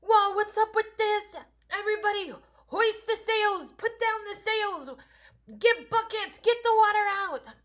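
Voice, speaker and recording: A woman's voice: extremely high pitch, unhurried, pitched above the performer's own voice. A woman voicing panicking male disciples on a storm-tossed boat, calling out in a frantic rush. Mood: panicked. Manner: frantic shouting.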